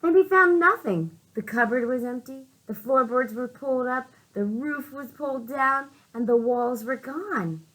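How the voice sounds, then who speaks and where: A woman librarian reading a picture book aloud to young children, speaking slowly and expressively, asking the children questions and whispering for suspense. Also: high-pitched, lively intonation, a bit bright, low-quality recording.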